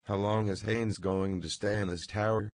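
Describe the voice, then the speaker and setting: A man reading the lines of a weary young poet who speaks quietly, in a low, gravelly voice. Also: fairly even intonation, moderate pace, no room sound, close to an everyday voice. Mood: uneasy. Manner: quiet, tense.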